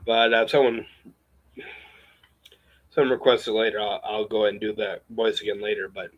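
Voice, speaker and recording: A young man chatting casually in a vlog at home, rambling and hesitant, with a gravelly, husky voice on a webcam or phone mic. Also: lowish voice, little pitch movement, normal speed, muffled recording. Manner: rambling, hesitant, lots of fillers. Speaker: vlogger.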